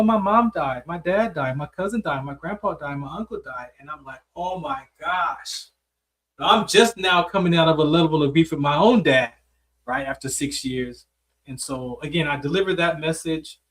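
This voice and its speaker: A man's voice: a little high, a bit bright, far from the mic. A man hosting an interview, telling a story in a reflective, casual way with lots of "like" and "man". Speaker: host.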